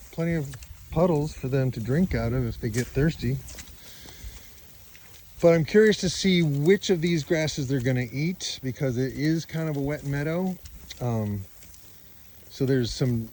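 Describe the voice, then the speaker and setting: A man's voice: mid-range voice, darkish tone, slight background noise. A man touring his wet farm meadow, chatting casually and playfully talking to his animals. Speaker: pastor and sheep farmer. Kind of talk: casual farm-tour vlog. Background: sheep bleating.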